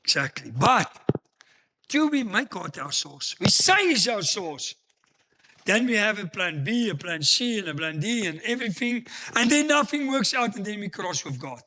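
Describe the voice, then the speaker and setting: A man's voice: sits high, sing-song, moderate pace, sharp tone. A man pastor preaching a sermon in an emphatic, storytelling manner, full of rhetorical questions.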